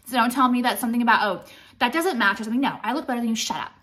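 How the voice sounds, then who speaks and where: A woman's voice: a little high, rapid-fire, fairly bright tone. A woman in her late thirties, chatting through a makeup tutorial in a blunt, profane, rambling way, a little out of breath. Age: late 30s. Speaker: beauty vlogger. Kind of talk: casual makeup tutorial chat.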